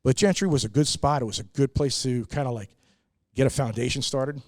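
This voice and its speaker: In clean, dry studio sound, a middle-aged American brewery owner speaks a little fast in a mid-range voice. He earnestly shares stories in a relaxed podcast interview, using many "uh"s and acting out the people he quotes.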